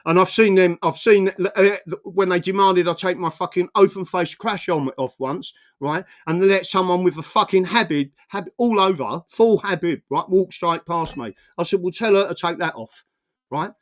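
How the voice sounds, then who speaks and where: With hardly a pause, an English man in a high-pitched voice rants angrily about politics at a normal pace. He works as a political commentator, swears freely, and stammers as he restarts his lines.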